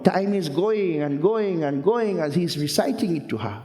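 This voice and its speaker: A man's voice: fairly high pitch, lively intonation, a little slow, dark tone. Man telling a legend in an echoing hall. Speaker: religious storyteller. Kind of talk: storytelling sermon. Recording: roomy hall with long echo.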